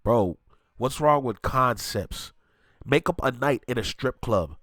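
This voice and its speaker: A man's voice: mid-range voice, animated, slow, a bit bright, dry recording, clean studio sound. A man hosting a music reaction video, ranting emphatically and in disbelief as he gives his take.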